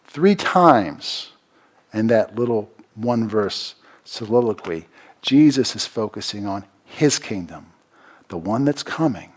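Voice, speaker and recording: A man preaching a sermon, repeating phrases for emphasis and swinging from loud, raised lines to quiet, low asides. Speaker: pastor.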